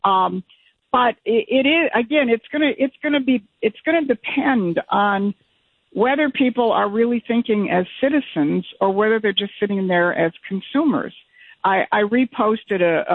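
A man's voice: high-pitched, moderate pace, gravelly, no room sound. A man from Michigan, a political guest in an interview, speaking emphatically and often restarting his phrases. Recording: tinny phone-like line.

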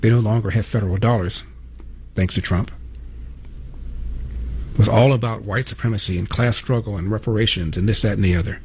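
Guy doing a political rant, lowish voice, keeps asking can we knock it off. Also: steady tone, fairly quick, long pauses, a little mellow, a little hiss or hum. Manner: rhetorical, repeats pointed questions. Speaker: commentary host. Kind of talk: political commentary monologue.

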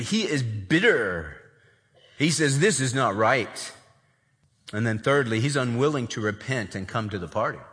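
Male pastor, expository sermon, higher bright voice, animated delivery with acted-out quotes, long hall reverb.

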